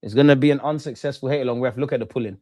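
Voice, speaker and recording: Excitable man reacting live. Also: medium pitch, racing, no echo. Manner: excitable, swears, talks to chat and players. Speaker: football watchalong host. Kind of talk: live match reaction to chat.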